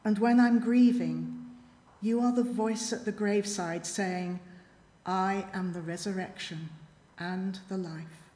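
A woman reading a reflective poem in church, measured and quiet, with long pauses. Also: mid-range voice, fairly even intonation. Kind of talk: slow reflective poetry reading. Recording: echoey church hall.

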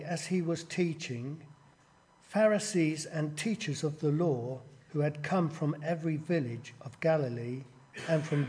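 A man reading a Bible passage aloud in church, deliberate and steady. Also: fairly high pitch. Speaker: scripture reader.

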